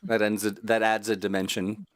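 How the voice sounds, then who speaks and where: A man's voice: fairly low pitch, flat delivery, brisk, dry recording. A man chatting casually as a guest on a livestream, joking, laughing and asking questions. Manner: jokey, laughs often, asks questions. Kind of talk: casual chat.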